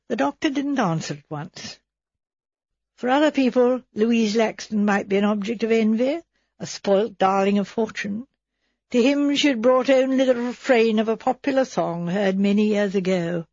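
A woman reading a story aloud as audiobook narrator, in an even storytelling manner. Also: medium pitch, normal speed, no room sound, lo-fi sound. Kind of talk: scripted narration.

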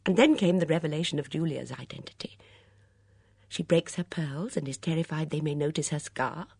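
A woman reading as an elderly lady sleuth, explaining a crime in measured, earnest tones. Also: low-pitched, vocal fry, darkish tone, breathy edge, dry recording, studio quality, voice pushed down, exaggerated voice. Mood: urgent. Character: elderly woman sleuth, gentle but grave.

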